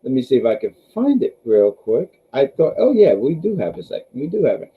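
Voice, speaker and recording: A man's voice: medium pitch, sing-song, fairly quick, narrow, tinny audio. A man hosting a casual wrestling review stream, rambling with restarts and talking to his live chat.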